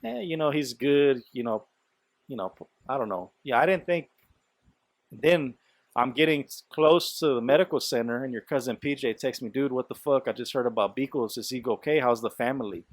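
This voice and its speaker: A man's voice: mid-range voice, normal speed, no echo. A man hosting a podcast, telling a story in loose casual talk, full of swearing, fillers and quoted speech. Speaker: podcast host.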